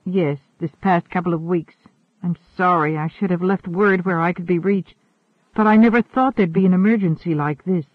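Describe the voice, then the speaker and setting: A woman's voice: fairly low pitch, moderate pace, no echo, close to an everyday voice. A man voicing an earnest, tired woman who leads a community group, speaking urgently and apologetically. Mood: apologetic. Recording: narrow phone-like sound.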